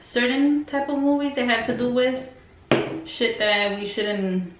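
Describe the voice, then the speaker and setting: Unhurried and a little high-voiced, this woman vlogger rambles through a casual story packed with fillers and profanity. She's a beauty vlogger, recorded in a roomy space on a distant mic with faint noise.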